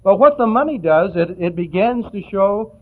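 Middle-aged male pastor, homespun anecdotes, animated rise and fall; tinny old tape. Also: sits high, moderate pace. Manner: folksy, anecdotal, chuckling asides. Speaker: preacher. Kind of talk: sermon.

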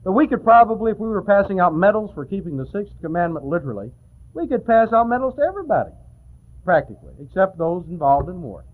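Male preacher, conversational sermon, animated delivery, tinny lo-fi recording. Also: high-pitched, quick pace. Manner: animated, conversational, acts out quotes. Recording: tinny phone-like old recording.

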